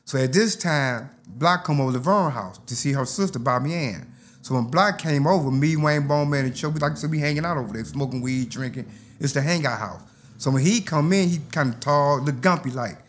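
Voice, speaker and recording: A man's voice: mid-range voice, fairly quick, slight background noise. A man, an interview guest telling a story in casual speech and acting out other people's lines. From Detroit, USA. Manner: animated, acts out others' lines.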